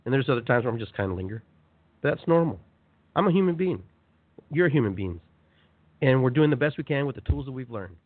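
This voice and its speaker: A man hosting a motivational spiritual talk show, speaking in an animated, conversational way and repeating phrases for emphasis. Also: mid-range voice. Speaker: radio show host. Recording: tinny phone-line sound.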